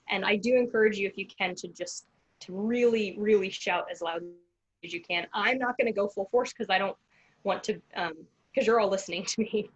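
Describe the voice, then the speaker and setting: A woman leading a virtual breathing workshop over a video call, giving calm instructions and counting breaths slowly. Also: medium pitch, dull audio. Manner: calm, slow counting with pauses.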